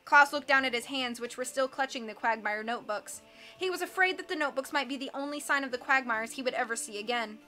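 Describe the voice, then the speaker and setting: Bright, high-voiced woman reading aloud. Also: fast, faint music behind. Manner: expressive, animated, acts out characters. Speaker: reader.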